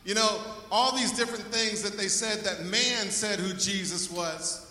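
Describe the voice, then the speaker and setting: High bright-voiced male pastor preaching. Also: a little slow. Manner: energetic, calls out to the congregation for praise. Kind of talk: sermon. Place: church sanctuary. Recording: echoey hall, voice from far off.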